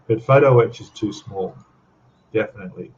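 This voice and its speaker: The audio is dull as an older Australian man with a fairly low, darkish voice hosts a relaxed livestream chat at a moderate pace. He rambles, laughs often, and reads out what viewers write.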